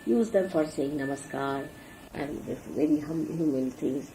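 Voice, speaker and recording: A deep, dark-toned female voice moves at a measured pace through poor, faintly hissing archival audio. She's a spiritual teacher delivering an earnest sermon, showing her followers how to conduct themselves and gesturing to illustrate every point.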